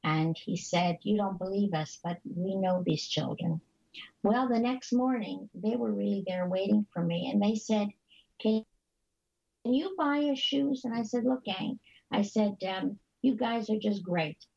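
Gravelly, husky woman telling earnest stories. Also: mid-range voice, dark tone, lo-fi sound. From Canada. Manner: earnest, halting storyteller with many restarts. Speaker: guest.

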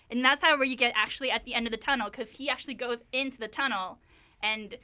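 This female co-host speaks fast in a high, clean voice. She chats casually and with lots of energy about a film she saw, leaning heavily on "like" and "you know."

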